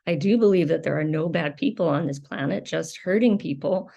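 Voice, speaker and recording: Female host, reflective solo talk; hesitant, frank, pauses often, blunt when angry. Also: low voice, creaky, warm tone, dull audio. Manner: candid, hesitant, many ums, swears when angry. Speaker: video host sharing recovery experience. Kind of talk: reflective personal monologue.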